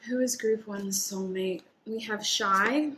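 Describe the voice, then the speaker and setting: A woman's voice: medium pitch, slow pace, pushed and bright, a little hiss or hum. A woman giving a casual tarot reading to the camera, chatty and thinking aloud as she lays out cards, with frequent laughs. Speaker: tarot reader.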